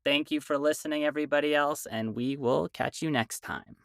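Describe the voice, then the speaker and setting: A man's voice: a little high, a little fast, creaky, a bit bright, no room sound, studio quality. A man hosting a podcast, chatting and joking casually with his guests. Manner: jokey, chatty. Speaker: podcast host.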